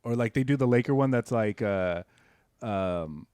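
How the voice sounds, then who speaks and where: A young man, riffing on a comedy podcast. His delivery is loose and profane, and his pitch leaps up whenever a story gets going. The sound is dry and close on the mic. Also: normal speed, darkish tone, clean tone, dry recording. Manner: loose and profane, voice jumps high when storytelling. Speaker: podcast co-host. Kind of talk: casual comedy podcast chat.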